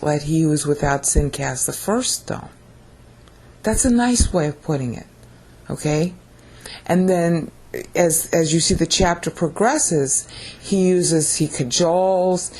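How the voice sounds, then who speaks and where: Woman Bible teacher, deep husky voice, chatty to-camera lesson. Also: darkish tone. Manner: conversational, repeats "okay?" to check in. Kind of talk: casual video teaching.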